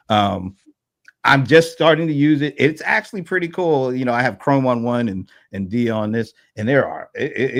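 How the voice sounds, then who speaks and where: A middle-aged man hosting a casual panel show, talking in a relaxed, rambling way with restarts and laughs. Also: medium pitch. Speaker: host.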